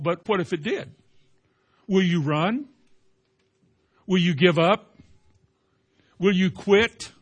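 A high-voiced man preaches a sermon, firing off rhetorical questions. He swings between slow, loud emphasis and quiet asides.

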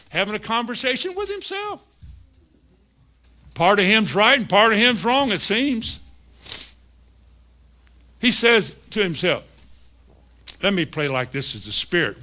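A man's voice: high voice, pushed and bright. A man preaching a sermon, asking his listeners questions and voicing an inner dialogue. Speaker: pastor.

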